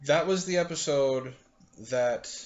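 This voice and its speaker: A man's voice: on the high side, a little slow. A man hosting a casual podcast chat. He tells long stories full of details, with fillers along the way. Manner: rambling storyteller, recounting details with fillers. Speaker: podcast host. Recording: muffled lo-fi recording.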